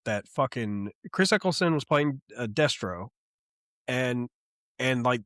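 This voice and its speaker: A man's voice: mid-range voice, no room sound, clean studio sound. A man co-hosting a podcast in casual chat. He rambles enthusiastically, swears a lot and fills gaps with "um" and "like". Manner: excitable, heavy swearing, rambling with fillers. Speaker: podcast co-host.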